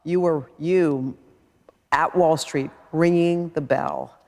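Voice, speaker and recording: Talk-show host, supportive questions, long reverb, mid pitch. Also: fairly even intonation, slow, darkish tone. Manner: supportive, attentive interjections. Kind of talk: interview.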